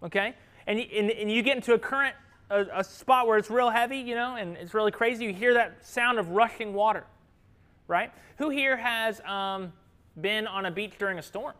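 A man preaching a sermon in an easy conversational way, throwing questions out to the congregation. His voice swings between bright raised lines and soft reflective ones. He laughs easily and keeps the tone friendly. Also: high voice, normal speed, clean tone. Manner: lively, asks the room questions, laughs easily.

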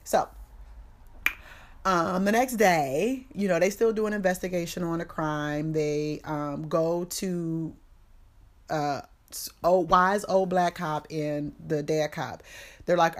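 A low-pitched woman recaps a movie for her podcast, swearing freely and using plenty of slang. She talks casually and acts out the characters' lines as she goes. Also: fairly even intonation, measured pace. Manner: profane, slangy storytelling with quoted voices. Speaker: podcast host.

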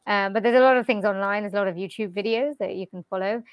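A British-accented woman from Wales, a voiceover artist and singer, chatting upbeat and easily in an interview from a quiet corner of her lounge on a directional mic with a pop shield. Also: mid-range voice, no room sound. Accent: general British. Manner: chatty, upbeat, quick to laugh. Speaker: voiceover artist and jazz vocalist. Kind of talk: casual interview chat.

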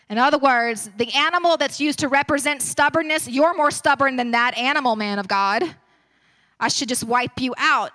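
A woman's voice: normal speed, pushed and bright, no echo. A woman preacher reading scripture aloud and breaking off into casual asides, then pressing her point with rising force. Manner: conversational, asides between Bible verses; rises in pitch and force when preaching the point.

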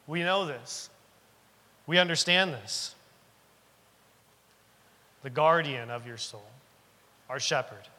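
A man's voice: on the high side, slow, long pauses, bright, forceful tone. Earnest preaching man in a big hall. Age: 30s. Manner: earnest, emphatic preaching with repetition. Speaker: pastor. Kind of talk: sermon. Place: church sanctuary. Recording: long reverb of a church hall.

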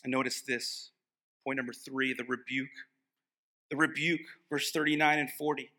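A man's voice: mid-range voice, flat delivery, moderate pace, bright, forceful tone. A man preaching a sermon as pastor, conversational and emphatic, joking with the congregation and restarting phrases.

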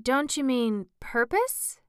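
Woman doing young girl Alice, storybook, polite, wondering, a bit timid, smooth voice. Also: high voice, big pitch swings, takes it slowly, dry recording, clean studio sound, voice pushed up, full character voice. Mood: curious. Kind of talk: storybook reading.

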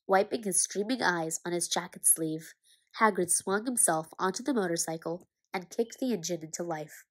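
An audiobook reader with a fairly low-pitched voice narrates a children's novel aloud, measured and expressive in her storytelling.

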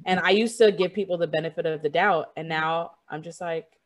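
A woman's voice: on the low side, steady tone, fairly quick. Young woman telling a story casually. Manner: rambling storytelling, many "like" fillers, quotes others. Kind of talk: casual conversation.

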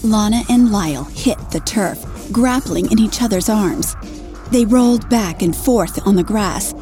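Woman narrator for erotic horror audio, slow and mellow, faint music bed. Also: medium pitch.

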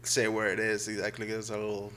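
A young man co-hosting a casual chat, talking in a relaxed, rambling way. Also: on the low side, quick pace, slight background noise. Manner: relaxed, laid-back, rambling. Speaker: podcast co-host.

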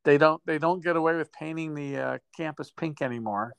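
A man's voice: a little high, fairly quick, vocal fry, clear, resonant tone. A man interviewing a fellow alumnus, mostly giving short affirmations and chuckling along. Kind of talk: casual interview chat.

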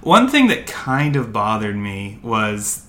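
A young American man with a lowish, bright, forward voice. He rambles through casual podcast chat, full of "um"s, "like"s and restarts. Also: wildly swooping pitch, slow. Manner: rambling, many fillers and restarts. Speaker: podcast co-host.

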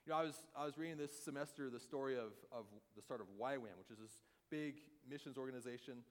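A man preaching a sermon as a pastor, animated and acting out the voices of the people he quotes. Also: medium pitch, fast talker. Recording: long hall reverb.

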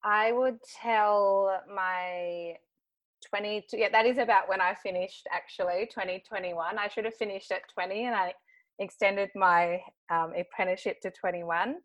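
A woman's voice: mid-range voice, fairly even intonation, moderate pace, a bit bright, no room sound. A woman with an Australian accent, a hair colorist chatting as a guest on a podcast in an upbeat, talkative way. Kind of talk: casual podcast interview.

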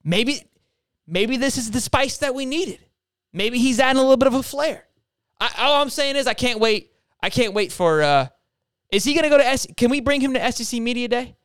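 Fired-up high-voiced man talking sports. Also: animated, brisk, fairly bright tone, smooth, dry recording, clean studio sound. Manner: fired-up, emphatic, keeps tacking on "okay?". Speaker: podcast host. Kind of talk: casual sports talk.

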